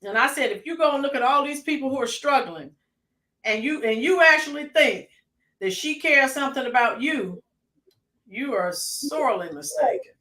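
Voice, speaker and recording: A woman's voice: high-pitched, lively intonation, normal speed, bright, forceful tone, reverberant. Fired-up woman hosting a livestream. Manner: fired-up, talks back to live chat by name. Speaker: livestream host. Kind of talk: casual political livestream chat.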